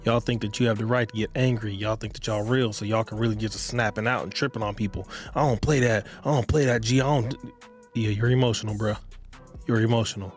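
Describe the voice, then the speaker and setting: A man's voice: fairly low pitch, fairly even intonation, fast, faint music behind. A man hosting his own podcast, talking bluntly and repetitively to his listeners in street slang. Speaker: podcast host. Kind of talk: casual monologue podcast.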